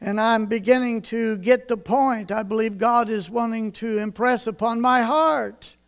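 An older man preaches a homespun sermon in an unusually high voice for a man. His delivery is slow and unhurried, with a gravelly edge. He reads old scripture in a measured King James cadence. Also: fairly even intonation. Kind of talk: folksy sermon with scripture reading.

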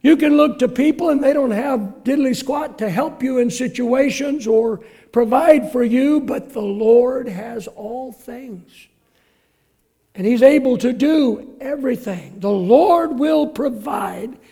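Taking his time, this preacher reads scripture emphatically in a very high, fry-tinged voice. Some quotes he shouts outright, while other moments become hushed asides meant for the congregation.

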